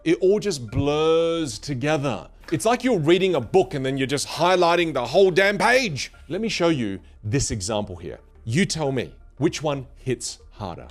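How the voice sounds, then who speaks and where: A man coaching on clear speaking, with a lively delivery that often slows down for emphasis. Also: medium pitch. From grew up in a Vietnamese and Chinese culture. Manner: animated, demonstrates rambling and fast talk on purpose. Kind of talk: motivational speaking lesson.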